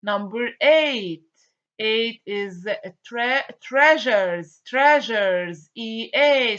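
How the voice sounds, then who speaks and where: A woman's voice: fairly high pitch, pushed and bright. A woman teaching an online phonics lesson, repeating each word and spelling out its letters. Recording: dull lo-fi recording.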